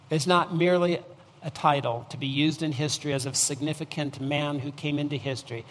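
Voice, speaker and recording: A man preaching a sermon, speaking deliberately with repeated restarts and rising emphasis on key phrases. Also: a little high, fairly bright tone, long reverb tail. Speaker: pastor.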